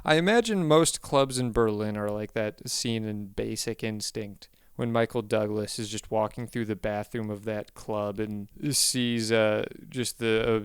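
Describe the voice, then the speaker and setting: Man, comedic monologue, rambling, self-correcting, deadpan, very smooth voice, dry close sound. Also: on the low side, no echo.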